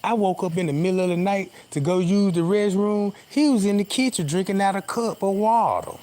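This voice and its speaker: A man's voice: high-pitched, a little fast, mellow. A man livestreaming from outdoors at night on a phone camera, telling a rambling comic story to his viewers in heavy slang and often asking if they know what he is talking about.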